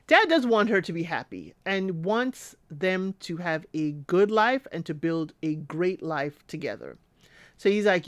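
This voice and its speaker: A woman speaking, casually recapping reality TV episodes in a chatty, animated way and acting out the quotes. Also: lowish voice, a little slow, dry recording. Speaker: recap vlogger.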